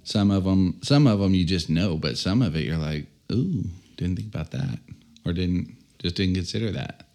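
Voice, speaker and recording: Deep-voiced man, emphatic podcast co-host. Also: normal speed, darkish tone. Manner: enthusiastic, emphatic, finishes the other's sentences. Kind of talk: casual chat.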